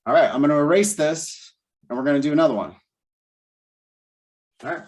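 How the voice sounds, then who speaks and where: A man's voice: on the high side, a little fast. A man leading a live test-prep class, thinking aloud step by step in a casual way. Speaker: LSAT teacher.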